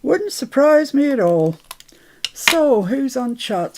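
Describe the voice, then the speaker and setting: Woman chatting while she crafts, gravelly voice. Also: high-pitched, big pitch swings, takes it slowly, slight background noise. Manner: chatty, greets viewers brightly, mutters to herself while working. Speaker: craft livestream host. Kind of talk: casual live chat while crafting.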